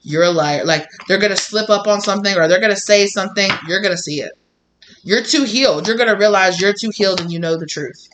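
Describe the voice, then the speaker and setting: A tarot reader talks straight to the viewer in a loose, unscripted reading. The voice sits at a middle pitch with a bright, forward edge. They speak bluntly, swear often, and slip into the voices of the people they describe. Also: quick pace, a little hiss or hum. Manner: blunt and profane, acts out quoted people. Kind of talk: casual tarot reading to camera.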